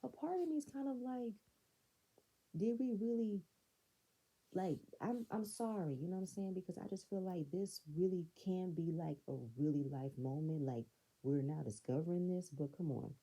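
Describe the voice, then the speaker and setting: Husky low-voiced woman reviewing TV. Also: moderate pace, warm tone, low-quality recording. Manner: chatty and opinionated, with frequent "like" and "you know". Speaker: reality TV reviewer, channel host. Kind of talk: casual commentary vlog.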